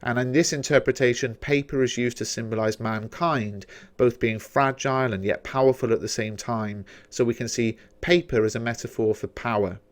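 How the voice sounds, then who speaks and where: A man with a British accent explaining poetry quotations in a revision lesson, measured and explanatory. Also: mid-range voice, fairly even intonation. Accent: British English. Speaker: English teacher.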